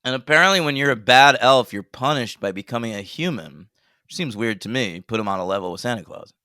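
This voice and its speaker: A man in a relaxed movie-review chat, his voice bright and forceful with a lively, swinging pitch. He jokes and laughs easily. The sound is dry and close, with no room in it. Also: a little fast, no room sound. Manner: animated, jokey, laughs often. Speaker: podcast co-host.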